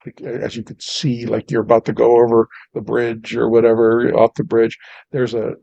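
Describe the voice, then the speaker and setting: Gravelly philosophical podcast host. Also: male voice, medium pitch, completely flat delivery, moderate pace, warm tone, dry recording, dull audio. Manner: philosophical, emphatic, lecturing. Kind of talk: casual conversation.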